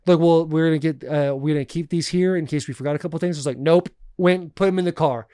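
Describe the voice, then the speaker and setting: A man co-hosting a podcast, telling a story in an animated, profane way with frequent laughs. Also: a little high, quick pace, smooth, no echo, studio quality. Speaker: podcast co-host. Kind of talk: casual storytelling chat.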